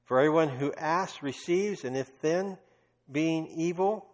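A man's voice: fairly high pitch, unhurried. A man preaching a sermon, telling stories emphatically with passionate bursts. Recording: long reverb of a large hall.

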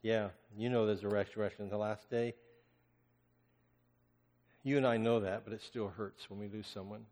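A man preaching a sermon as pastor, swinging between loud impassioned cries and hushed, almost whispered lines. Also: on the low side, level tone, normal speed. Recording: long hall reverb.

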